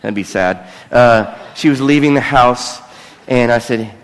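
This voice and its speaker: The long reverb of a large hall surrounds this middle-aged pastor in a church sanctuary. Unhurried and mid-range, he preaches an earnest, conversational sermon sprinkled with self-deprecating asides.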